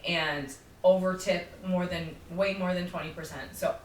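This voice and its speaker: A young adult woman hosting a solo podcast, telling a story in an animated, chatty way and acting out what people said. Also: on the low side, moderate pace. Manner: animated, chatty, acts out quotes. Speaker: podcast host. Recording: roomy, slightly distant mic with faint noise.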